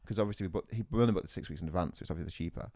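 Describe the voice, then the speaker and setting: Young male podcaster, lowish voice, lively, foul-mouthed, in a dry room. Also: no echo. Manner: animated, swearing, quick retorts. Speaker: podcast host. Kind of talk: casual storytelling chat.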